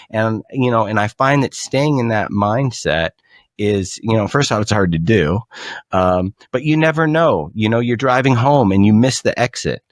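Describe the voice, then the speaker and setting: A man on a podcast, telling a story in a relaxed, animated way and often repeating words as he starts a thought. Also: on the low side, moderate pace, dry recording, clean studio sound. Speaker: podcast guest. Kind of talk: casual storytelling.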